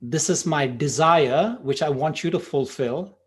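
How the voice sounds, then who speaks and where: A man's voice: fairly high pitch, a little slow. A man teaching a meditation workshop, talking conversationally and telling stories, often saying "you know". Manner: conversational, frequent "you know", spurts of speed. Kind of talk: workshop talk with storytelling.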